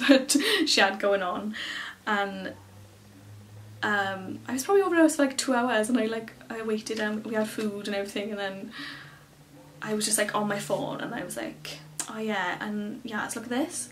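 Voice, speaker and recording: A woman's voice: mid-range voice, slight background noise. Chatty young Englishwoman, slightly distant mic. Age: early 20s. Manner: rambling, many fillers, excitable retelling. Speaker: beauty vlogger. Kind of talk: casual chatty storytelling to camera.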